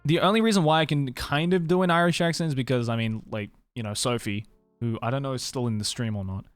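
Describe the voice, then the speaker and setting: A man's voice: medium pitch, quick pace, clean tone, no echo, faint music behind. A young man with a mild Australian accent, chatting casually with his stream viewers, laughing often and swearing freely. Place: home stream room in Tokyo.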